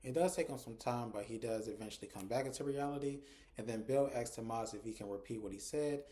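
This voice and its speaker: A man with a mellow, warm voice talks through a TV episode in a relaxed, conversational way. He strings the scenes together with "and so" and "like", as if telling a friend what happened. His pitch sits in an ordinary middle range. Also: quick pace. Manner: retells scenes conversationally, often with "and so" and "like". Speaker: TV episode reviewer. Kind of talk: casual episode recap.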